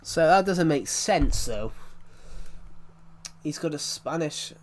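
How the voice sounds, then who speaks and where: A man's voice: fairly high pitch, expressive, slow. A man giving casual gameplay commentary as a channel host, rambling and often repeating and correcting himself as he talks.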